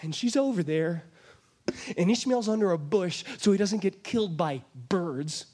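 A man's voice: sits high, expressive, moderate pace, darkish tone. A man preaching a sermon, retelling a scripture story with emphatic storytelling and acting out the voices of its people. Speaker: pastor.

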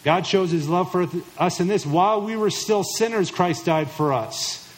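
A man's voice: sits high, normal speed, poor audio. A middle-aged man preaching a sermon to husbands, emphatic and direct, acting out imagined listeners in mock voices. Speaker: pastor.

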